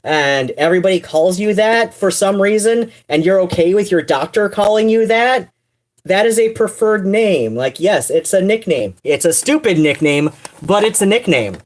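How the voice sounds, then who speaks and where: A woman with a fairly low voice talks casually on a livestream, wandering through her thoughts. She fills gaps with ums and restarts, dropping wry asides as she goes. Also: darkish tone. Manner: rambling, many fillers and restarts, wry asides. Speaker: streamer.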